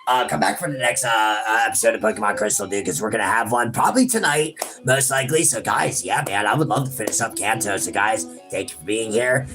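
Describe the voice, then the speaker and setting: His voice sits on the low side, animated and fast, with hardly any pauses. He's a gaming channel host goofing around in casual let's-play chatter, swearing and calling everybody bro or buddy, with game music in the background.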